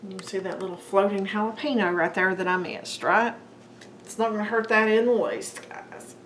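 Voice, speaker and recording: Hosting her home cooking channel, a woman chats casually with her viewers, calling them guys and folks, while working in an echoey kitchen room. Her voice is medium-pitched, a bit bright and fairly even, at a moderate pace. There's slight background noise, including clinking dishes and utensils.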